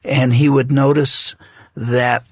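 A man hosting an interview, speaking in a measured, reflective way. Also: medium pitch, flat delivery, breathy edge, dry recording. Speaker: host.

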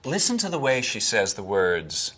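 A man's voice: mid-range voice, big pitch swings, moderate pace, fairly bright tone. A man acting as an accent coach, giving precise technical commentary on film clips. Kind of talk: analytical commentary.

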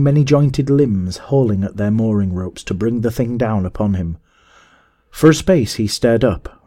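A man narrating a classic adventure story in a measured, steady audiobook reading. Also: mid-range voice.

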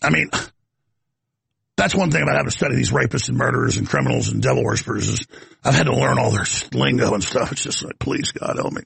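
A man hosting a talk show in a rambling, heated rant, with a gravelly, raspy voice. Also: mid-range voice, fast talker, fairly bright tone, no room sound.

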